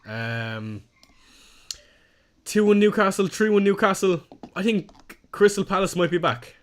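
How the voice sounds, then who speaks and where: A young man with a high, lively voice chats unhurriedly on a live stream about fantasy football. He reads viewer comments aloud and pokes fun at his own slip-ups in a chatty, self-deprecating way.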